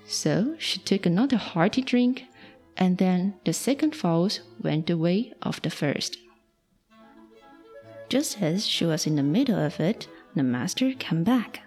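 A woman volunteer storyteller reading a fairy tale aloud to children in a slow, expressive read-aloud. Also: on the low side, faint music behind.

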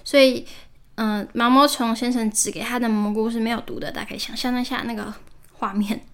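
A woman's voice: on the high side, steady tone, fairly quick, a bit bright. A woman hosting a podcast, reading a storybook aloud and explaining it in chatty asides. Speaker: podcast host.

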